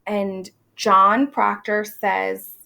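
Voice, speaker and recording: Woman teacher going over a play, chatty and quizzy, bit of vocal fry. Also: medium pitch, flat delivery, sharp tone. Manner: conversational, with quick asides and quizzing questions; reads quoted lines aloud in a plain voice. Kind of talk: recorded classroom lesson walking through a play.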